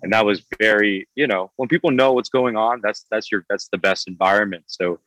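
A man's voice: lowish voice, brisk, fairly bright tone, poor audio. A man who is a documentary filmmaker being interviewed, talking casually in a rambling way with many fillers and restarts.

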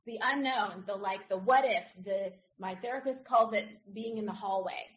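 A middle-aged woman, a podcast guest, telling a personal story in a casual, animated way and acting out the other people in it. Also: medium pitch, moderate pace. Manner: animated, acts out others' voices in her story. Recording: dull lo-fi audio.

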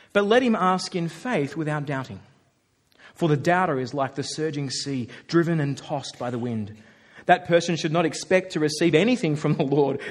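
A man delivers a sermon to his congregation in a fairly high voice. He keeps it animated and conversational and slips into the voices of the people he quotes. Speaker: preacher.

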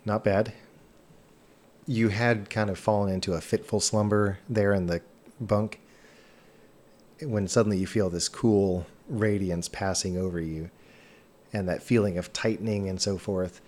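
A man running a tabletop game as game master, narrating scenes in a measured, descriptive way. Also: lowish voice, steady tone, a little mellow.

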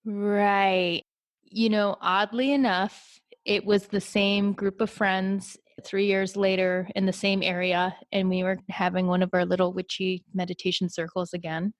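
A woman's voice: medium pitch, level tone, unhurried, no echo. Candid woman, dry close voice. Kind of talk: casual conversational storytelling.

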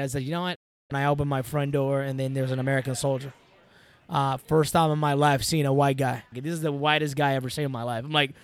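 A man from Iraq, a podcast guest telling his story in an animated, rambling way and acting out what people said. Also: a little high, dry recording. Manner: animated, rambling, acts out quotes. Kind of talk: casual storytelling.

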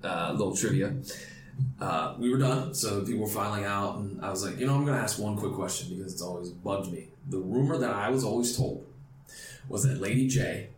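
Animated man telling stories on a podcast. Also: lowish voice, a little fast. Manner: animated storyteller, acts out quotes. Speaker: podcast host. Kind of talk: casual podcast chat. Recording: roomy and distant with faint noise.

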